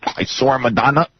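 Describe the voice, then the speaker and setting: A man putting on the voice of a boastful, name-dropping middle-aged man who brags in halting bursts. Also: extremely high pitch, gravelly, pitched above the performer's own voice, exaggerated voice. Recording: muffled radio broadcast with noise.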